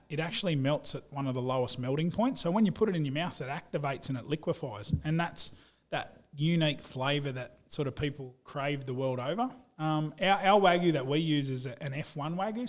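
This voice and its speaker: Aussie guy on a podcast, kinda high voice, laid-back, says mate a lot. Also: fairly quick, few pauses. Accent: Australian. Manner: laid-back and blokey, lots of "mate" and "you know". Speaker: business owner. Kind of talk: casual podcast storytelling.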